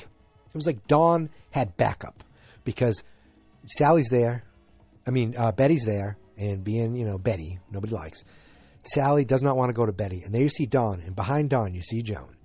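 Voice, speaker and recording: A man casually recapping a TV episode, rambling with ums and self-corrections, now and then breaking into animated mock anger. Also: mid-range voice, normal speed, slightly rough, dry recording, faint music behind.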